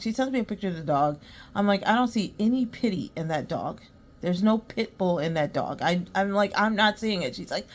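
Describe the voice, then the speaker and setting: A woman's voice: mid-range voice, lively intonation, fairly quick. A woman hosting a podcast, chatting casually and acting out both sides of her conversations, then giving earnest advice. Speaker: podcast host. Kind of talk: casual storytelling monologue.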